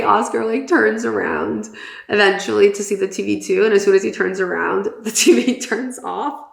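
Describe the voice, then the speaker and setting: Young woman podcast host, gravelly fry, chatty gossip tone, swears, echoey room. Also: medium pitch, normal speed. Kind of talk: casual chat. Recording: roomy echo.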